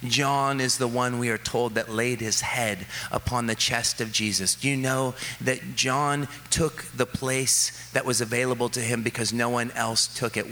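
Male pastor giving a sermon; bright, forceful tone, animated storyteller who drops into hushed sincerity. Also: medium pitch. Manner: animated storytelling, quoting his kids with rising excitement; slows to a soft, earnest delivery for reflection.

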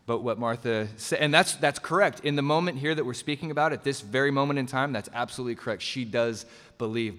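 A male pastor delivers an earnest, emphatic sermon at a medium pitch. His voice rings out with a long hall reverb, as if he is preaching in a church sanctuary. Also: a bit bright. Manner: earnest, emphatic preaching with frequent restarts and asides.

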